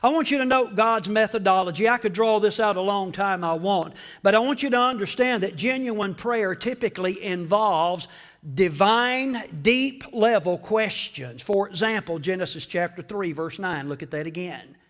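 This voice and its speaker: A man pastor preaching a sermon in a call-and-response style, swinging from hushed tones up to loud peaks. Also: high-pitched, moderate pace.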